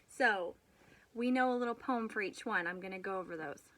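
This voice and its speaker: A woman's voice: mid-range voice, a little fast, fairly bright tone. A young woman teaching young children a remote math lesson, patient and encouraging, leading them through counting and chanted rhymes.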